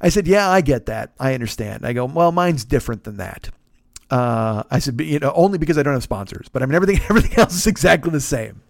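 A man in his fifties, a podcast host, telling a long story in an animated, profane, self-mocking way. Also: mid-range voice, fast talker, creaky, dry recording, studio quality. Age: 50s. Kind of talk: storytelling monologue.

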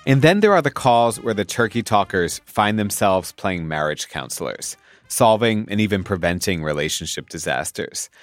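A man's voice: fairly low pitch, animated, normal speed, no room sound. A man hosting a radio feature, narrating and interviewing with a wry, conversational manner. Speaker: radio host. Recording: voice over loud background music.

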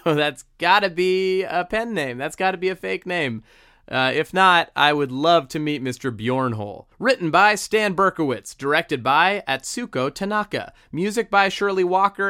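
A man hosts a comedy podcast in an upbeat, joking way, now and then reading lines like a mock newscaster. His voice sits a little high and comes across bright and forceful. The recording is dry and close, with no room sound. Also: clean tone, no echo. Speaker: podcast host. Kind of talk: casual comedic podcast hosting.

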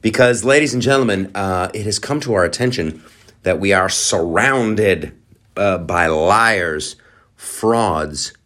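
Low, slow-talking male comedy podcast host. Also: a bit bright. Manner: rambling, profane, sarcastic, many fillers.

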